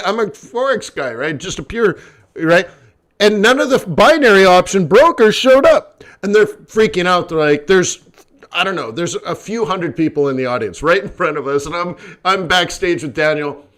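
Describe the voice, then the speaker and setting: A man hosting a live trading stream, telling stories in a lively casual way and acting out the people he quotes. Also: high-pitched, moderate pace. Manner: animated, acts out quoted people. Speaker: forex trading host. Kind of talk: live stream chat and storytelling.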